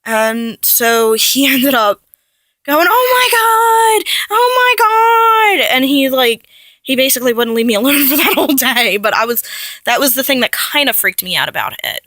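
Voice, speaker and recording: A woman's voice: a little high, normal speed, sharp tone, no echo. A young woman vlogging casually about her life, rambling and often correcting herself as she talks. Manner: rambling, restarts and self-corrections, chatty. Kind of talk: casual personal vlog.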